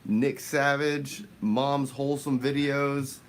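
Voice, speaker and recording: A man hosting a fishing channel livestream, greeting viewers by name in casual chat, his voice jumping up high on the shout-outs. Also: takes it slowly, few pauses, a little hiss or hum.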